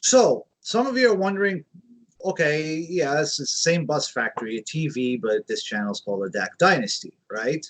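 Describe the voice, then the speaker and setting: Male host, casual, addresses audience, animated pitch, slightly high voice. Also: normal speed. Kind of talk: casual talk to viewers.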